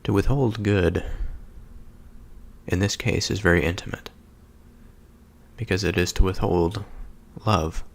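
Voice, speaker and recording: A man giving a slow, halting contemplative reflection on a scripture reading, pausing often and thinking aloud as he goes. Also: deep voice, steady tone, vocal fry. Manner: slow, halting, with many pauses and fillers. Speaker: solo speaker reflecting on scripture.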